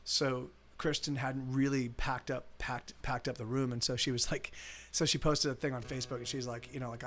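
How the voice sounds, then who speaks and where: A musician talking casually between songs on a live stream, halting, restarting often, quiet and subdued. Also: male voice, mid-range voice, steady tone. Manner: halting, many restarts and fillers. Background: guitar playing.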